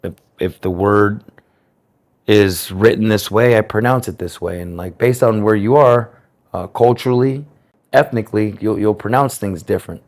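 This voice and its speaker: An American man telling his personal story in an interview, speaking in a reflective, earnest way with careful, clear enunciation. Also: fairly low pitch, moderate pace, a little mellow. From United States.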